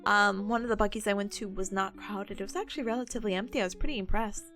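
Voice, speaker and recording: A woman's voice: mid-range voice, fast talker, a bit bright. A woman streaming and chatting casually, telling stories in a bubbly, giggly way. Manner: giggly, bubbly storytelling, frequent laughter.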